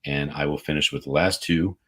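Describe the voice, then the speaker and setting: Enthusiastic male co-host with a very low voice, talking casually on a video call. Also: steady tone, fairly quick, sharp tone. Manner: enthusiastic, rambling, upbeat. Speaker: podcast co-host. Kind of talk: casual livestream chat, reading birthday shout-outs. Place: remote livestream video call.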